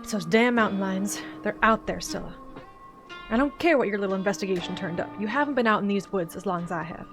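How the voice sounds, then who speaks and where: A woman doing a gruff old Southern backwoodsman. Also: mid-range voice, fast, music in the background, natural voice. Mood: insistent. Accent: put-on generic Southern US. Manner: growling, folksy, grumbling. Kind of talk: voiced-over game dialogue.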